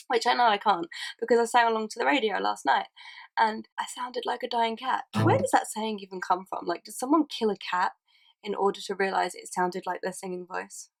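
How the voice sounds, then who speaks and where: A young woman vlogging with a hoarse, croaky voice from a cold, chatty, self-mocking and sweary. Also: fairly high pitch. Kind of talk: casual chat to camera.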